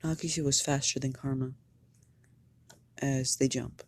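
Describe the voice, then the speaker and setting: A fan storyteller improvising a story narration, halting and often repeating words. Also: mid-range voice, flat delivery.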